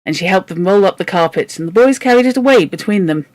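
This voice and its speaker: A woman's voice: medium pitch, lively intonation, quick pace, a little mellow, dry recording. A woman reading a children's novel aloud for a book club, with wry, joking asides.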